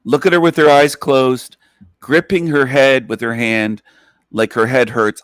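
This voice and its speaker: A man's voice: medium pitch, fairly even intonation, measured pace, a bit bright, no echo, studio quality. A man hosting an online radio show, ranting in an emphatic, profane, repetitive monologue. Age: adult, past twenties.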